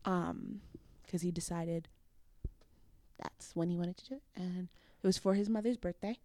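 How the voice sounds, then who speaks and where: A young woman, a guest on an interview show, telling a story casually and acting out what people said with big swings in pitch. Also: moderate pace, dry recording. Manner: animated, acts out quotes with big jumps in pitch.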